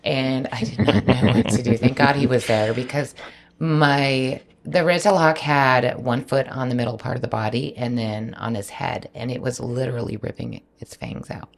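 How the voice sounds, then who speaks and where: Guest spot: very deep-voiced woman with a gravelly edge, lively storyteller. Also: normal speed, slight background noise. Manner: animated, laughs while telling stories, acts out quoted voices. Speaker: falconer guest. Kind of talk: casual storytelling.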